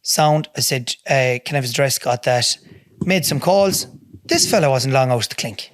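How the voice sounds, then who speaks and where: A man's voice: medium pitch, lively intonation, moderate pace, no echo. An Irish man, a podcast guest, telling a story in a blunt, heavy-swearing way in a studio. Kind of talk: casual storytelling.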